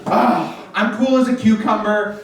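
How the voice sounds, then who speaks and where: A man with a high voice, fairly even intonation and a measured pace does stand-up crowd work as host of a live variety show. He teases and jokes with the audience, swears freely and leads chants, captured distantly in an echoey room with faint noise.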